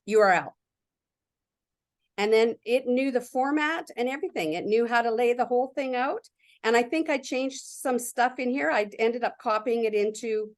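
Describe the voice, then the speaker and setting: A woman giving a casual workshop walkthrough, reading her prompts aloud and talking about the results with enthusiasm. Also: on the high side. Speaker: workshop presenter.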